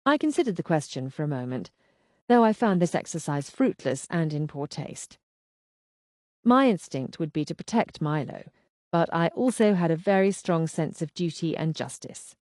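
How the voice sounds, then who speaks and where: A woman reading a first-person mystery audiobook aloud in a measured, expressive way. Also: deep voice, dry recording, studio quality. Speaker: audiobook narrator. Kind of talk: scripted first-person narration.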